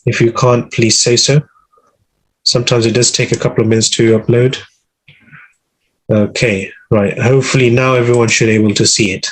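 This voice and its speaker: A man teaching Arabic over a video call, with a slightly husky voice. He runs through the vocabulary one word at a time and explains each grammar point patiently. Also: medium pitch, level tone, moderate pace, long pauses. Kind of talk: online class teaching.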